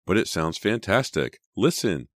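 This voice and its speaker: A man's voice: sits low, sing-song, a little slow, no echo, studio quality, voice pushed up, full character voice. A man doing a suspicious teenage girl. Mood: excited.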